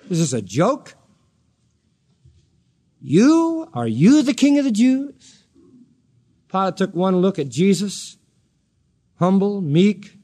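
A man with a high, bright-toned voice preaches a sermon. He acts out the people he quotes, swinging his pitch up and down for drama. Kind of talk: expository sermon.

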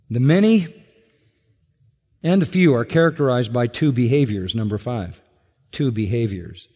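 Slow, emphatic male preacher. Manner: emphatic, repetitive, drops soft and low at line ends. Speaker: pastor. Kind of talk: sermon. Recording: long reverb of a hall.

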